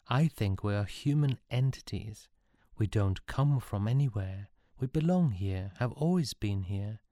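A man voicing a gentle, ageless young woman who travels through time, speaking softly and earnestly. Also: lowish voice, expressive, unhurried, dry recording, studio quality.

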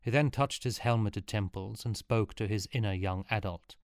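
A male narrator reads a comic adventure with dry, wry timing. His voice is low, and the recording is close and dead dry, with no room sound. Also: normal speed, hardly any pauses, clean tone, no echo. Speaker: audiobook narrator.

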